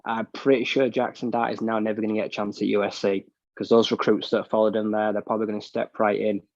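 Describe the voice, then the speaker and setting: A man's voice: fairly low pitch, level tone, quick pace, dry recording. A British man co-hosting a podcast, giving blunt, opinionated takes in casual chat that rambles with restarts. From United Kingdom. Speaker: podcast co-host. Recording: dull, dry lo-fi mic sound.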